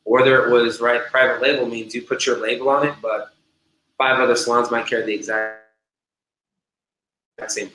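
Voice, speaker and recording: A salon owner and co-host talks business casually and enthusiastically on a remote call. His medium-pitched voice sounds pushed and bright, with little pitch movement, a moderate pace, and frequent pauses. The recording has an echoey room and a faint hum.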